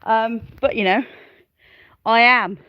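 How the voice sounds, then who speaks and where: On a live stream from her farm, a woman shows her sheep and goats, cooing at them as she rambles along. Her slightly high voice is slow and smooth with fairly even intonation, and the audio is dull; she's a smallholder vlogger.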